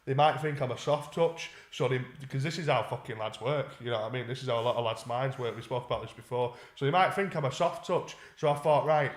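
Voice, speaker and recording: A man's voice: mid-range voice, quick pace, few pauses. A young man, co-hosting a podcast and telling a story in casual chat, swearing and restarting often. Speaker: podcast co-host. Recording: echoey room.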